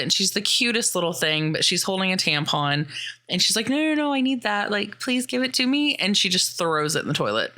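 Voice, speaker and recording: Woman, podcast host, from the Midwest, casual movie recap, animated, bright tone. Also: lowish voice, smooth. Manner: animated, chatty, acts out quoted lines.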